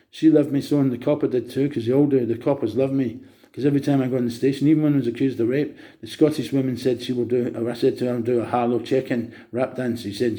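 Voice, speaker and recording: A man talking in a rambling monologue to camera, agitated and breaking into sudden loud outbursts. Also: mid-range voice.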